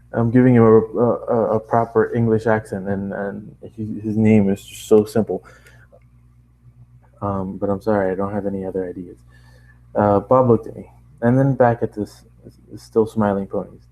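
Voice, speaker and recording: A man with a low, mellow voice reads fan fiction aloud in a relaxed way. He is chatty and self-deprecating, breaking off to correct himself. His delivery stays casual and unpolished. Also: normal speed, poor audio. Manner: chatty, self-deprecating, stumbles over words. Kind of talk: casual story reading with asides.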